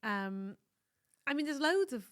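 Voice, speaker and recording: An Irish woman co-hosting a podcast, chatty and animated, handing out advice with the odd swear word. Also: high voice, measured pace. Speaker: podcast co-host. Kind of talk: casual chat.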